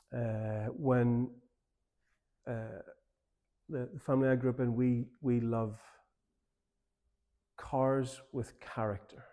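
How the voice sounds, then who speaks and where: A man with an Irish accent, a pastor telling a personal story in a church seminar talk, in an informal, animated way. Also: medium pitch. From Ireland.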